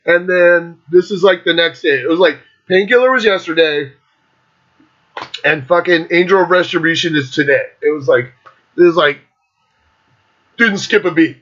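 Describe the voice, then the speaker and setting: With a slightly high, somewhat bright voice, this show host rambles casually at a moderate pace, pausing often. His loose talk is packed with fillers and heavy swearing, and the recording is lo-fi and dull.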